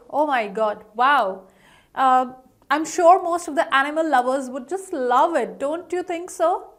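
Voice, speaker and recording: A woman gives an online pronunciation lesson in a high, bright-toned voice. She is upbeat, keeps asking her viewers questions, and says each word slowly and more than once. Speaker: English pronunciation teacher.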